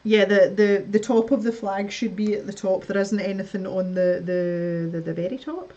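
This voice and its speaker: A woman's voice: medium pitch, steady tone, normal speed, mellow, highs cut off. A woman hosting a casual live stream, chatting to her viewers as she builds, laughing often and muttering to herself. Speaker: livestream host.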